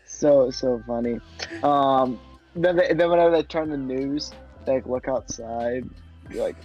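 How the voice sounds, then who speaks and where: A man's voice: medium pitch, unhurried, highs cut off, soft background music. A young man casually chatting about a movie on a podcast, acting out scenes in different voices. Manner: animated, acts out scenes in voices. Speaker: podcast co-host.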